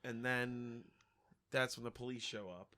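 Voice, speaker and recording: A man's voice: mid-range voice, steady tone, a little slow, sharp tone. A man co-hosting a podcast, swearing and laughing in disbelief as he picks apart a movie. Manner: profane, incredulous, laughing. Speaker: podcast co-host. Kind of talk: casual movie-riffing chat.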